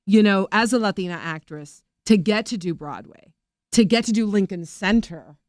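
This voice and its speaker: A middle-aged woman, an actress, talking casually in an interview, animated and rambling, often laughing. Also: mid-range voice, moderate pace, no echo, clean studio sound.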